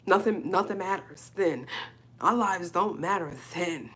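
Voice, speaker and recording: A woman, hosting a live stream and speaking a halting, emotional personal monologue, repeating herself as she holds back tears. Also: on the low side, fairly bright tone, breathy edge. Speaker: livestream host. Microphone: phone or webcam on a live stream.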